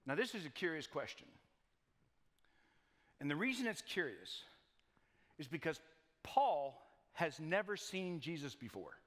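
A male pastor with a fairly bright voice, pitched a bit higher than most men's, delivers a loose, conversational sermon. He tosses in folksy jokes and stumbles over repeated words, and his voice rings with the long reverb of a church sanctuary.

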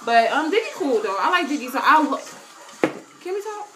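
A young woman chatting casually to her webcam, slangy and animated, often breaking into loud quoted voices. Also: high voice, fairly quick. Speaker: vlogger answering viewer questions. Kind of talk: casual chat to camera.

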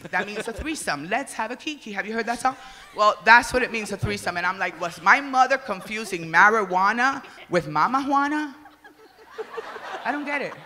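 A woman's voice: on the high side, a little hiss or hum. Brash woman doing stand-up. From Dominican Republic. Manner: brash, crude and loud, shouting punchlines. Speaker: stand-up comedian. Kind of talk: stand-up comedy set. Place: comedy stage before an audience. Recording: reverberant live venue, faint ambience.

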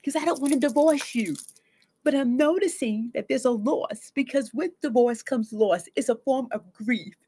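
A woman therapist talking casually to camera about grief and letting go, acting out inner voices with sudden swings in pitch and loudness. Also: moderate pace, slightly rough. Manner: conversational, casual slang.

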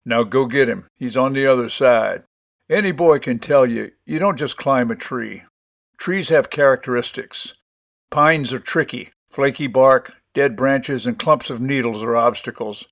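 Man doing a gruff, coaxing farmer. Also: mid-range voice, a little slow. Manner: coaxing, gruff but gentle. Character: strong patient adult farmer on a hunt.

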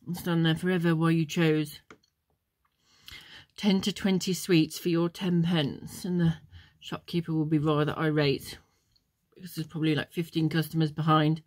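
A woman's voice: deep voice, little pitch movement, normal speed, darkish tone, dry recording. A woman chatting casually as she tastes and reviews chocolates, wandering off into memories with plenty of ums. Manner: chatty, meandering, many ums. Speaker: vlogger.

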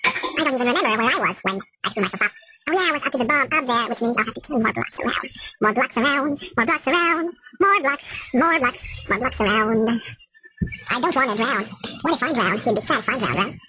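A man talking through a pitched-up chipmunk filter as a silly, sped-up version of himself, chanting nonsense in a sing-song way. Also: expressive, brisk, background noise.

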